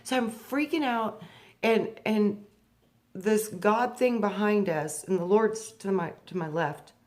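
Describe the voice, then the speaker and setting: A woman in personal spiritual storytelling, slow and hushed on deep points, animated when reliving a memory. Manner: animated, rises sharply when acting out her younger self. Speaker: spiritual speaker.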